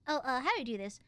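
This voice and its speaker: A woman streaming a game, reading the text aloud in an animated, casual way and swearing now and then. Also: sits high, no room sound.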